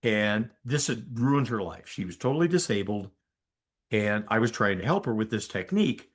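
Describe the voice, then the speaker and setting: An older man, a physician and energy healer, telling a story as a podcast guest in an animated, emphatic way with asides to the listener. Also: on the low side, moderate pace. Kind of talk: conversational storytelling in an interview.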